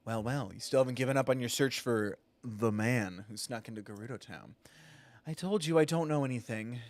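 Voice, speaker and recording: A man's voice: mid-range voice, fairly quick, no echo, natural voice. A man doing a coy, flirty shopkeeper. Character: flirty disguised male desert shopkeeper. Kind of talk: reading game dialogue aloud.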